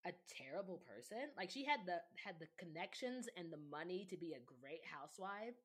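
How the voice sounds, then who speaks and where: A woman's voice: fairly low pitch, sing-song, brisk, fairly bright tone, breathy edge. A woman chatting casually and animatedly on a podcast, laughing often and acting out other people's words. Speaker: podcast guest. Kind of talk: casual chat about reality TV.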